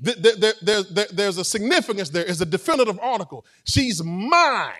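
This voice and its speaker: A man's voice: high voice, lively intonation, moderate pace, a bit bright. A man preaching a sermon as pastor, conversational and playful, with call-and-response to the congregation.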